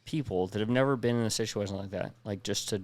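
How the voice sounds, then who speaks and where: Young guy, low voice, swears a lot while he tells a story, dry close sound. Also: fast, a little mellow, dry recording. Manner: profane, recounts with quoted dialogue. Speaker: podcast co-host, veteran. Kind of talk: casual storytelling.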